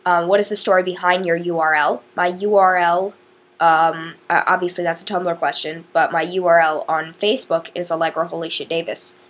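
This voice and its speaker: Chatty teenage girl, husky low voice. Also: level tone, moderate pace. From northern Indiana. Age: teens. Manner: rambling, chatty, many fillers. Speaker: vlogger. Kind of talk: casual chat to camera.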